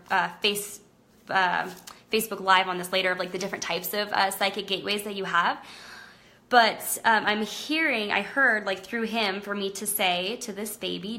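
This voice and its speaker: In a casual Facebook Live stream, a young woman with a medium-pitched, sharp voice chats earnestly about running her psychic business. Her speech is full of "like" and "um" fillers.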